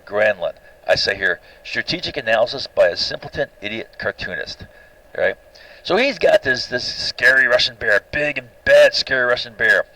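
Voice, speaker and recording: A man's voice: medium pitch, a bit bright, no room sound, poor audio. A man giving an opinionated recorded lecture over slides, often restarting phrases and checking in with "right?".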